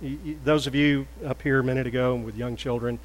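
An older man preaching a sermon in a church, stressing words loudly, then dropping to a soft prayerful tone. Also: medium pitch, steady tone, brisk, big-room sound, poor audio. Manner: emphatic, swings between loud stresses and soft prayer. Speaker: pastor. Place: church sanctuary.

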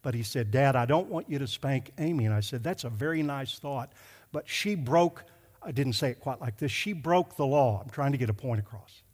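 A middle-aged male pastor telling a story in a sermon, emphatic and slowing down to stress his points. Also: medium pitch, a little mellow. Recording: hall reverb.

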